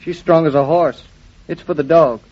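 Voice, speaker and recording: A man's voice: fairly high pitch, fairly even intonation, moderate pace, natural voice. An actor playing a cheerful young husband and architect who dotes on his dog, in old radio drama style. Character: jovial young husband, doting dog owner. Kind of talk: 1940s radio acting. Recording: dull lo-fi old radio recording.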